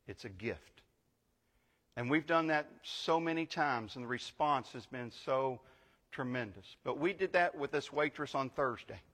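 A man's voice: medium pitch, a bit bright, in a large hall. An older man giving a sermon as guest pastor, telling a story conversationally and building to emphatic preaching. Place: church sanctuary.

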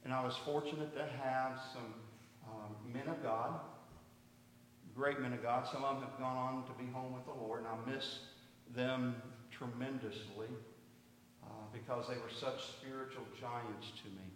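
A man's voice: medium pitch, steady tone, moderate pace, a little hiss or hum. A middle-aged man preaching a sermon as pastor, earnest, often asking the congregation rhetorical questions. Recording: echoey hall from far off.

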